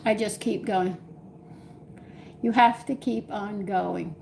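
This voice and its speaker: A woman's voice: mid-range voice, fairly even intonation, slow pace, creaky, dark tone, slight background noise. An older woman hosting a home cooking live stream, chatting with viewers and telling exasperated stories from home. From Texas. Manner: chatty, exasperated storytelling with laughs. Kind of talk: casual live-stream chat.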